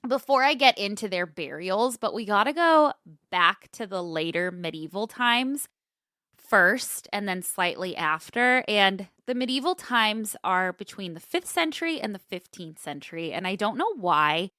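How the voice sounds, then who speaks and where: A woman's voice: medium pitch, lively intonation, a little slow, sharp tone, no echo, studio quality. A woman co-hosting a casual comedy podcast, telling a history story in a bubbly way and laughing often. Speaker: podcast co-host.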